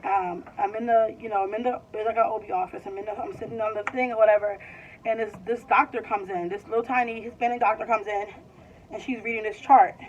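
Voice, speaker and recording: Telling a personal story, a chatty vlogger in her twenties speaks fast in a steady, mid-range voice, leaning on "like" and starting over as she rambles. There's a little hiss or hum, and the recording sounds somewhat distant, dull, and lo-fi.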